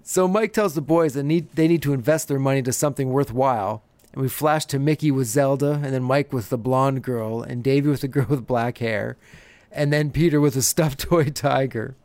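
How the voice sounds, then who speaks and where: A man's voice: medium pitch, moderate pace, darkish tone, dry recording. A man hosting a podcast, casually recapping an episode and laughing often as he retells scenes. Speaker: podcast host.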